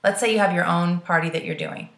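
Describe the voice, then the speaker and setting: A woman's voice: fairly low pitch, fairly even intonation, fast, gravelly, fairly bright tone. A woman giving sales coaching to the camera, chatty and peppy, often checking in with "right?" and calling her listeners "girl". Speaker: direct sales trainer. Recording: roomy echo.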